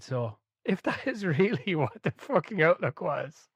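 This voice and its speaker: A man's voice: fairly high pitch, measured pace, husky, no echo. A man co-hosting a casual chat about a football book, telling stories with laughter and the odd swear word. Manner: animated storyteller, swears, laughs mid-sentence. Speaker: podcast co-host.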